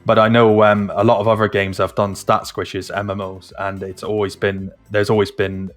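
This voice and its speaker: Man, low voice, hesitant, lots of ums, podcast co-host, faint music. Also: flat delivery, normal speed. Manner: hesitant, many restarts and ums. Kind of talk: casual podcast chat.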